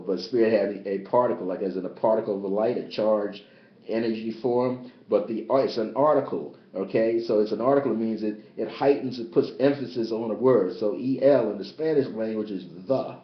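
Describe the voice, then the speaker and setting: A man, a bishop and spiritual teacher, giving a livestreamed spiritual teaching into a tablet, emphatic and repetitive, swinging between loud high exclamations and low, subdued asides. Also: moderate pace. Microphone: tablet device. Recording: roomy, dull lo-fi tablet livestream.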